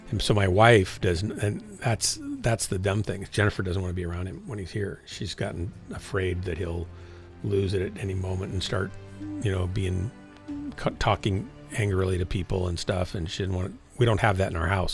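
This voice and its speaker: Gravelly older man rambling on stream. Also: sits low. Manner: rambling, frank, self-correcting, trails off. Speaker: game streamer. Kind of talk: casual rambling chat while streaming.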